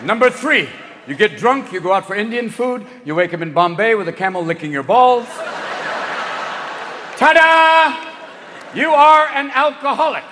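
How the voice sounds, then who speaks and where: Manic, high-voiced man doing stand-up. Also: expressive, in a large hall, noisy background. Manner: manic, profane, rapid shifts into voices. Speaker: stand-up comedian. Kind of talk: stand-up comedy routine. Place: stage before a live audience.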